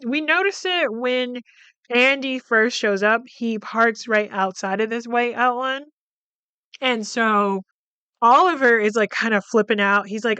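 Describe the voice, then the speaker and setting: On her podcast, a woman with a fairly high, clear and resonant voice gives an animated, profane film recap packed with fillers and quoted dialogue. There's no echo in the recording.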